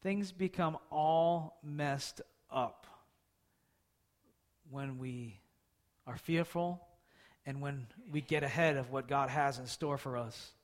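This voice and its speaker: A man's voice: medium pitch, slow, pauses often. A man preaching a sermon in a conversational way, often putting questions to his listeners. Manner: conversational, asks the audience questions.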